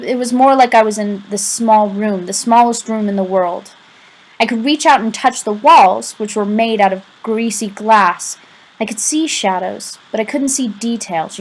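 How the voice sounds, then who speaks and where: A woman's voice: mid-range voice, low-quality recording. Woman narrating a novel conversationally. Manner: conversational, confiding asides. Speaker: audiobook reader. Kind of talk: first-person novel narration read aloud.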